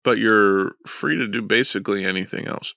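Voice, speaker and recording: A man's voice: lowish voice, normal speed, gravelly, bright, forceful tone, no room sound, clean studio sound. A young man hosting a podcast, telling stories in a rambling, profane, casual way with lots of fillers. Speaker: podcast host. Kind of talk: casual chat.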